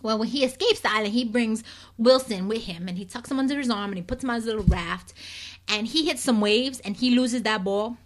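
A woman's voice: a little high, a little fast. A woman co-hosting a casual chat show, animatedly recapping a soap opera and calling out to her listeners. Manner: animated, addresses listeners as "people". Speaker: co-host.

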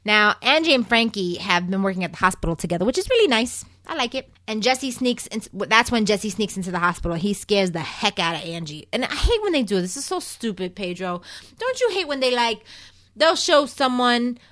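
A woman's voice: medium pitch, expressive, brisk, fairly bright tone, dry recording. A chatty, opinionated woman who hosts a recap show and keeps addressing her listeners as "people.". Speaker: soap opera recap host. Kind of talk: casual chat.

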